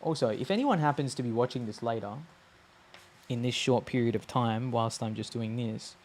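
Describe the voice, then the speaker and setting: A man teaching a language on a live stream, casual and chatty, repeating sounds slowly to demonstrate them. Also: medium pitch, a little mellow.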